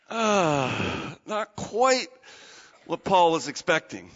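Animated, high-voiced male pastor preaching. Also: a little slow, in a large hall, lo-fi sound. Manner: animated and dramatic, asks the audience questions. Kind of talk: sermon.

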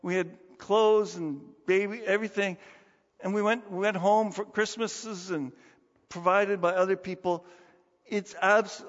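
A middle-aged man preaching a sermon in an animated, conversational way, full of rhetorical questions. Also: sits high, measured pace. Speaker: pastor. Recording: dull, reverberant hall sound.

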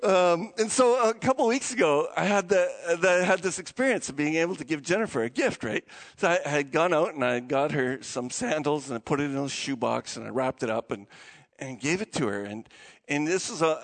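A male pastor preaching a sermon as an animated storyteller who laughs often and repeats words as he goes. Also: a little high, in a large hall.

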